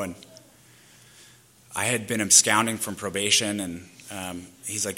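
Male, 30s, personal storyteller: low-pitched, tense and forceful tone, rambling and candid delivery. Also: level tone, unhurried, pauses often. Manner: rambling, peppered with "like". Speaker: speaker sharing his recovery story.

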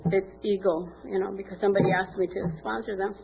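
A woman's voice: mid-range voice, fast talker, gravelly. Older woman, candid recovery testimony, acts out dialogue, phone-like sound. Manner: candid storytelling with lively quoted dialogue. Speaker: speaker sharing at a recovery meeting. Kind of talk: personal testimony. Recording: tinny phone-like recording with faint noise.

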